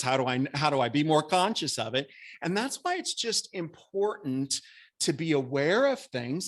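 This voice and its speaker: Earnest man with a carrying voice. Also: a little high. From American. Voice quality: voice that carries. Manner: conversational and earnest, with lively acted-out asides. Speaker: guest speaker at a spiritual center. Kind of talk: spiritual talk to a congregation. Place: church hall.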